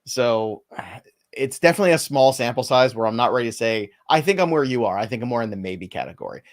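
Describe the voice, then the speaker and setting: A man with a New York accent co-hosting a live sports podcast, talking fast and joking between stats. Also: medium pitch, expressive. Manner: quick, joking, laughs often. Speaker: fantasy baseball co-host. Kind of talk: casual live podcast banter.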